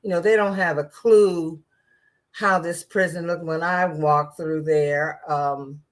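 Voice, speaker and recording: Slow-talking sarcastic woman commentator. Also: deep voice, fairly even intonation. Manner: sarcastic, rambling, with many restarts and asides. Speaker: political commentator. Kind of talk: casual political commentary vlog.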